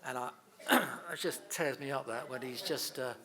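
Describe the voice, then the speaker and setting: A man's voice: mid-range voice, moderate pace, bright, forceful tone. Chatty middle-aged man telling anecdotes. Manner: chatty storyteller, laughs often, acts out quotes. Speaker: interviewee, son of a comedian. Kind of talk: anecdotal interview chat.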